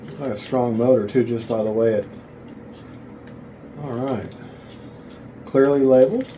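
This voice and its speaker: A man's voice: mid-range voice, unhurried, dark tone, a little hiss or hum, rough recording. A man hosting a hobby video, casually thinking aloud and correcting himself as he unboxes, often calling things cool.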